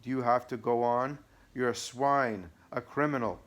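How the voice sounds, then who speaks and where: A man voicing an abusive, taunting male devil in an audiobook, shrill and whining. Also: steady tone, moderate pace, a bit bright, close to an everyday voice. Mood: raging. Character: raging taunting male devil possessing a woman. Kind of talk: audiobook reading.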